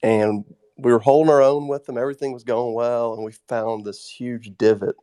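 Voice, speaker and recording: A young man telling a story about his older brother in an earnest, slightly halting way. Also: medium pitch, fairly even intonation, dark tone, clear, resonant tone, dry recording, clean studio sound. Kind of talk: casual storytelling.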